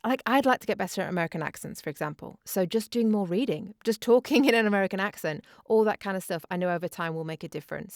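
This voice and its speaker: A woman co-hosting a podcast who speaks in an earnest, measured and reflective way. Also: on the low side, no echo, clean studio sound. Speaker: podcast co-host, voice actor. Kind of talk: casual podcast chat.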